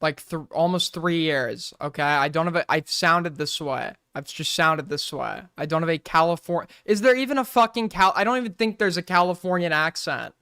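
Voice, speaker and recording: A man's voice: on the high side, animated, moderate pace, hardly any pauses, pushed and bright, smooth, no echo, clean studio sound. A man with a New York accent from Long Island, ranting profanely and sarcastically in casual livestream commentary. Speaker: streamer reacting to drama.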